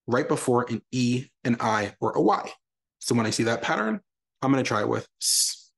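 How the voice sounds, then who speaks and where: A young adult man, a reading educator, giving a lively online lesson for parents and answering their questions. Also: mid-range voice, moderate pace, vocal fry. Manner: energetic, explains with sound examples. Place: lives in Texas.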